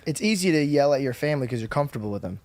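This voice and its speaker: A young man on a podcast telling a personal story in a candid, profane, animated way. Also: mid-range voice, rapid-fire, dry recording. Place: podcast studio.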